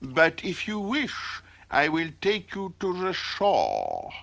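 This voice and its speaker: A cautious, fussy turtle with a thick put-on French accent, voiced by a man reading a storybook. He talks slowly and carefully, pitched a little above the reader's own voice, in a lively and bright tone. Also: gravelly, slight background noise, full character voice. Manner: slow, careful delivery.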